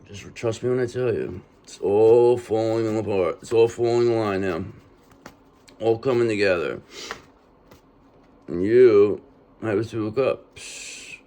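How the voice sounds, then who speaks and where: A man's voice: on the low side, measured pace, pauses often, warm tone. Man giving a streetwise tarot reading. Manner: street-talking, repetitive, reassuring with frequent "okay?". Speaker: tarot reader. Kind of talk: casual tarot reading monologue.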